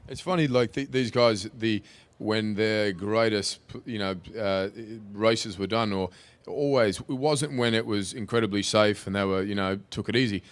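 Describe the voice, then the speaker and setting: A man's voice: lowish voice, normal speed, clean tone. A man, an actor on a panel, answering questions in a rambling way with many restarts.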